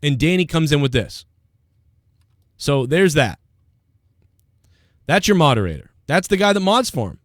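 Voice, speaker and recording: A man's voice: fairly high pitch, very animated, unhurried, pauses often, dry recording, clean studio sound. A man hosting a livestream, ranting in an aggrieved tone and reading out chat comments. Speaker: livestream host.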